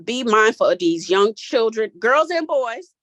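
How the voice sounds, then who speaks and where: A woman's voice: fairly high pitch, sing-song, unhurried, fairly bright tone, dry recording, lo-fi sound. Emotional woman, voice cracking. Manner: candid, emotional, casual Southern-tinged speech. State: voice cracking, holding back tears. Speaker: guest sharing her story. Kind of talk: personal testimony in a group talk.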